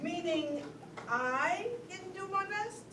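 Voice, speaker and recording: A woman's voice: very high-pitched, animated, slow, full character voice. An actress playing a flustered, snappy middle-aged mother of the bride on stage, heard from a distance in an echoey room with background noise. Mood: weary. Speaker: stage actor. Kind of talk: stage play performance.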